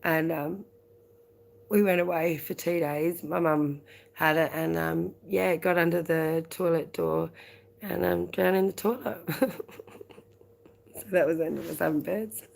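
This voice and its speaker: Australian woman, live-stream host, chatty and rambling, low gravelly voice. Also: fairly even intonation, measured pace, long pauses, darkish tone. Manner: chatty and rambling, laughs often. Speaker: livestream host. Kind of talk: casual live-stream chat.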